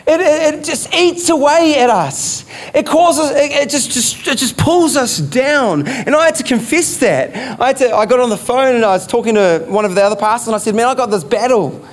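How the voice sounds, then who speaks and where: A man's voice: very high-pitched, lively intonation, normal speed, few pauses. A man preaching a sermon as pastor, emphatic, repeating key phrases and asking rhetorical questions.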